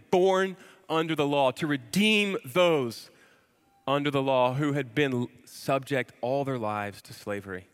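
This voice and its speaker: A man in his forties preaches a sermon with animated storytelling, leaning on emphatic repeated words. His voice sits a little high and rings forceful and bright. A long hall reverb trails behind each phrase.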